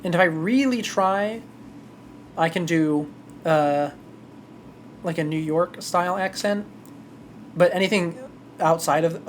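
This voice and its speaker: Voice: mid-range voice, slight background noise. A streamer chatting casually during a live game playthrough, rambling and correcting themselves mid-thought. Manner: rambling, self-correcting asides.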